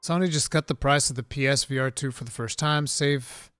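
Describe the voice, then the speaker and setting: A man hosting a live gaming talk stream, reading chat questions and chatting casually in an animated, rambling way. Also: medium pitch, a little fast, clean tone, no echo, clean studio sound. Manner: animated, excitable, rambling with restarts.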